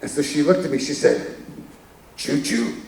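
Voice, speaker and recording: A man's voice: on the high side, steady tone, quick pace, gravelly, a little mellow, far from the mic. A man giving a candid motivational talk from a conference stage, chuckling as he tells stories. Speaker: keynote speaker. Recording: echoey hall from afar.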